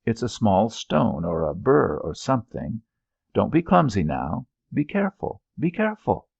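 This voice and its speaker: A man's voice: on the low side, sing-song, moderate pace, creaky, a little mellow, husky, dry recording, highs cut off, exaggerated voice. A man voicing a proud, irritable wounded male soldier who speaks in a curt, peevish way. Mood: testy.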